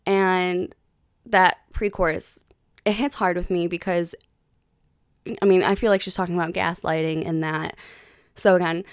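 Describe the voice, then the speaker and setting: A woman in her thirties hosting a podcast, chatting casually in an animated, heated way with plenty of swearing. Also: lowish voice, a little slow, pauses often, smooth, no room sound, clean studio sound. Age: 30s. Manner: animated, profane, heated storytelling. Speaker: podcast host. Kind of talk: casual chat.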